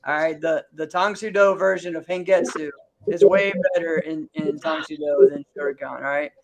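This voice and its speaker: A man's voice: fairly high pitch, normal speed, creaky, a loud crowd, poor audio. Chatty man with a raised voice. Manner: laughs often, relaxed and chatty. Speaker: host. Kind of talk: casual podcast chat.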